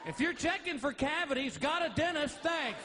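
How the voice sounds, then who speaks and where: A man's voice: very high voice, moderate pace, noisy background. A man, telling a stand-up comedy story and acting out both sides of the dialogue. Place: theater stage with a laughing audience. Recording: live stage recording, audience laughter.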